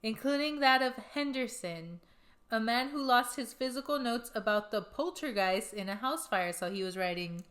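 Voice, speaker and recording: A woman co-hosting a podcast reads ghost stories from her notes in a casual way, adding giggly asides. Her voice is a little high, expressive, and fairly bright, at normal speed.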